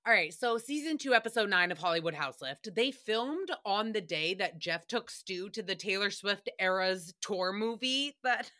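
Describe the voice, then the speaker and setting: A woman's voice: medium pitch, lively intonation, normal speed, few pauses, sharp tone. A woman hosting a podcast, recapping a show in casual, sarcastic chat and swearing freely. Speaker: podcast host.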